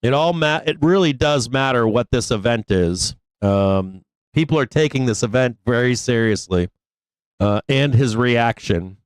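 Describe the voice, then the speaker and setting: A man hosting a live stock market show, giving casual trading commentary in a rambling, profane way with many fillers and quick bursts. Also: mid-range voice, smooth, no room sound, rough recording.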